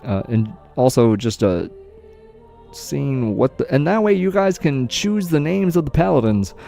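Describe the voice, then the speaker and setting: A man's voice: mid-range voice, big pitch swings, a little slow, creaky, mellow, faint music behind. A man streaming gameplay and commenting live, hyped up, cheering himself on and swearing freely. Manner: hyped, profane, self-cheering.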